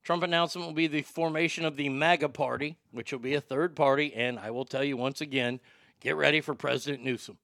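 A man's voice: a little high, steady tone, fast talker, hardly any pauses, fairly bright tone, no echo, clean studio sound. A man hosting casual political commentary, blunt and profane, reacting to viewer comments. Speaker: political commentary host reading chat.

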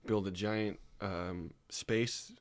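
Low-voiced man cracking crude one-liners. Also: fairly even intonation, drawn-out words, no echo. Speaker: podcast co-host. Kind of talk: casual comedy podcast chat.

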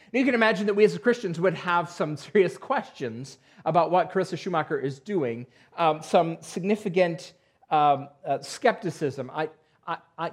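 A man preaching a sermon to his congregation, conversational with dry asides and emphatic rhetorical questions. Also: high voice. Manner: conversational with dry asides and self-deprecating humor. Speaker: pastor.

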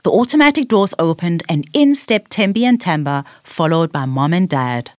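Expressive woman reading a children's story. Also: fairly low pitch, normal speed, no room sound, clean studio sound. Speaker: storybook narrator.

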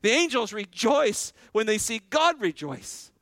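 A man's voice: very high voice, big pitch swings, unhurried, fairly bright tone, no echo, low-quality recording. A male pastor preaching a sermon, earnestly putting questions to his congregation.

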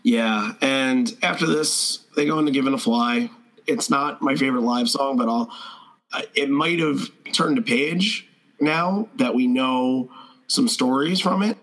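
A man's voice: mid-range voice, a little slow, fairly bright tone, rough recording. A man co-hosting a casual podcast, rambling with profanity and frequent restarts. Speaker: podcast co-host. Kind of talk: casual chat.

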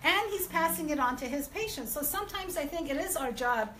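A woman with a high voice tells her own story as a podcast guest. She talks casually and acts out the people in it with a lively delivery. Faint background noise sits under her voice. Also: brisk, low-quality recording. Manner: lively, acts out quoted dialogue.

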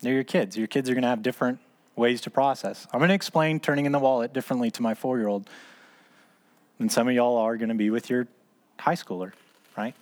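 A man's voice: mid-range voice, fairly even intonation, quick pace, darkish tone. Man, church group leader, casual teaching, asks himself questions, mid-range voice. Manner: conversational, asks and answers his own questions. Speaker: small-group discipleship leader. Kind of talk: casual teaching talk ending in prayer.

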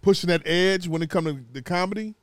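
A man's voice: high voice, fast talker, clear, resonant tone, no echo, clean studio sound. A man hosting a casual podcast chat, steering the talk and hedging with fillers. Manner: leads the talk, hesitant with fillers. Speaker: podcast host.

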